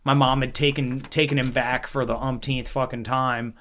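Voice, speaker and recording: A man's voice: mid-range voice, level tone, moderate pace, a bit bright. Guy in his 30s on a recovery podcast, swears a lot, blunt and emotional. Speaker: podcast co-host sharing recovery story. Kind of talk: casual chat.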